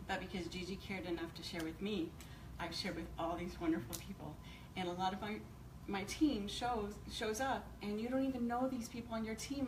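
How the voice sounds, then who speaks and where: A woman's voice: medium pitch, reverberant, far from the mic, background noise. A woman from Kansas City giving an earnest, emphatic testimonial at a meeting. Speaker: company distributor speaking at a meeting. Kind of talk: casual testimonial to an audience.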